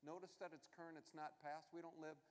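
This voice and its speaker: A man preaching a sermon as a guest minister, rising loud and high on his main points and dropping quiet when he tells his own story. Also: level tone, quick pace. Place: church. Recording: long church hall reverb.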